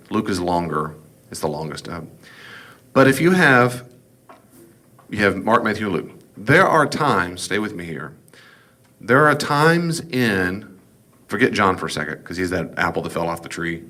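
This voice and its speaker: A man's voice: fairly low pitch, sharp tone. A middle-aged man teaching a Bible class in a conversational, folksy way with humorous asides. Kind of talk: classroom lecture.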